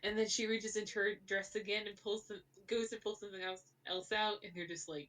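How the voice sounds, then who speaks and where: A woman's voice: medium pitch, steady tone, a little fast, hardly any pauses, a bit bright. A woman narrates a tabletop game as its game master, wandering through her descriptions with plenty of ums and restarts. Her voice is set back a little from the mic, so it sounds slightly distant. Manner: rambling, many fillers and restarts.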